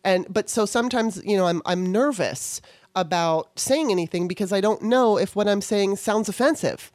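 A woman's voice: mid-range voice, moderate pace, darkish tone, no echo, clean studio sound. A woman from Baltimore hosting a podcast, talking in a candid, rambling way, often restarting her sentences. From Baltimore, Maryland. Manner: rambling, self-correcting, candid. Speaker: podcast host. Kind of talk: casual conversation.

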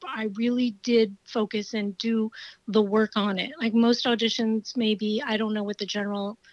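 A middle-aged woman with a somewhat high voice speaks as an interview guest, frank and animated as she tells stories from her acting career. The sound is dry and close, with no room around it. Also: normal speed, dry recording, lo-fi sound. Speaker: actress guest. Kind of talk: casual conversational interview.

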